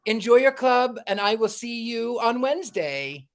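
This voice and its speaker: A man hosting a livestream with a warm, theatrical, exclamatory manner, chatting and reading a storybook aloud. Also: extremely high pitch, big pitch swings, normal speed. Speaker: livestream host.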